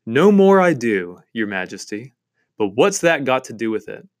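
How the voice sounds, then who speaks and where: A gruff, loyal dwarf soldier speaks slowly and with weight, as a man reads him aloud. The voice sits in a middle range for a man. It is recorded dry and close, with no room sound. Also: medium pitch, big pitch swings, dry recording.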